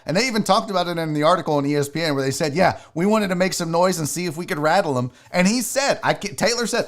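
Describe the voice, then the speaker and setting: Guy hosting a live sports stream, cussing and ranting at chat, highish voice that swings all over. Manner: profane, animated, ranting to chat. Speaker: host of a live sports show. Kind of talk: casual live-stream commentary reading chat.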